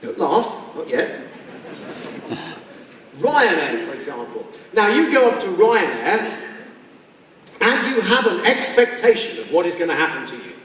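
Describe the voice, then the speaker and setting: A man's voice: high-pitched, sing-song, measured pace, long pauses, fairly bright tone, a little hiss or hum. A man giving a humorous business talk to a conference audience, acting out little scenes with quoted voices. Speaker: keynote speaker. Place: large conference hall. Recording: echoey hall from far off.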